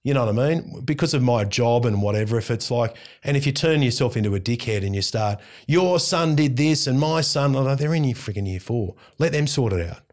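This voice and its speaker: Animated Australian man telling a story. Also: mid-range voice, quick pace, hardly any pauses. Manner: animated, intense, acts out dialogue. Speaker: radio host, interview guest. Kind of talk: casual storytelling.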